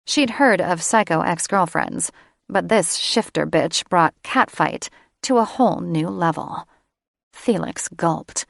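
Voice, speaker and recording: Female audiobook narrator, low voice, slow and measured, close dry booth sound. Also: creaky, no room sound. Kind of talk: scripted fantasy romance narration.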